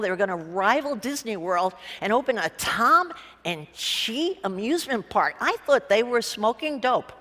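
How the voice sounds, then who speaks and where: A woman's voice: a little high, a bit bright. A woman giving a humorous talk at a conference, telling stories in a blunt, joking way with some casual profanity. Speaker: conference speaker, businesswoman. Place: conference stage before a live audience. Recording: reverberant hall.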